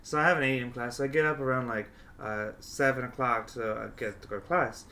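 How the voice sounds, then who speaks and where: A young man hosting a podcast, telling stories in casual chat, animated and swearing freely, sometimes shouting as he acts out scenes. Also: medium pitch, quick pace, slight background noise. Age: young adult. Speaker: podcast host. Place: podcast studio.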